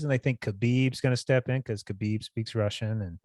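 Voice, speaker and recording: Male podcast co-host, mid pitch, dry close sound, blunt and foul-mouthed, heated casual banter. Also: a little fast, no echo. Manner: blunt, profane, animated when mocking others. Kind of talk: casual chat.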